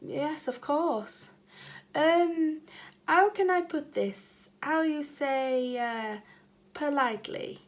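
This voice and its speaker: A woman's voice: high-pitched, drawn-out words, pitched above the performer's own voice. A woman voicing a gushing, easily wounded female teacher who loves all things French, with sing-song French flourishes. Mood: flustered.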